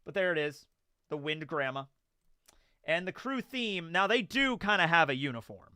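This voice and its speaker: A man's voice: on the high side, very animated, moderate pace, pushed and bright, clear, resonant tone, no room sound, studio quality. A man hosting a video, telling stories and giving commentary in a rambling, conversational way with lots of fillers. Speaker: YouTube host. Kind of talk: casual storytelling and commentary.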